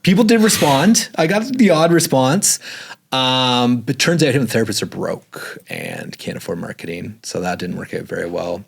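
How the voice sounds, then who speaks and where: A man's voice: mid-range voice, normal speed, vocal fry, husky. A man telling stories casually in an interview, rambling and full of "like" fillers. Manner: rambling, filler-heavy, says "like" often; animated when retelling dialogue. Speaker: guest.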